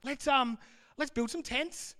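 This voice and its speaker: A man doing an overeager, excited apostle. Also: extremely high pitch, pitched above the performer's own voice, full character voice. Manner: gushing, rushed, overeager. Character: excitable eager male apostle, adult. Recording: long hall reverb.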